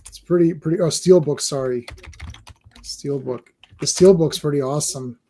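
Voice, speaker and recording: This is a laid-back man chatting on a podcast over a video call. His voice is high yet mellow, and he talks slowly. A faint hiss of noise runs behind him. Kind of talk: casual chat.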